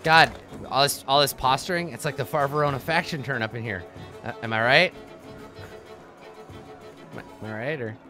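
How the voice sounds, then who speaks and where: A man commentating a let's play, reading the game's text aloud and reacting with profane, animated asides. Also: medium pitch, normal speed, pauses often, faint music behind. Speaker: host.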